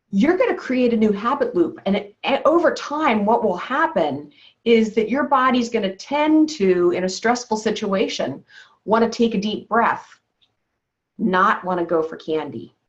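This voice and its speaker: A woman health coach on a group call, encouraging and walking listeners through breathing steps, often checking in with "okay?". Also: a little high. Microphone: call-in phone or computer mic. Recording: slightly dull, lo-fi call audio.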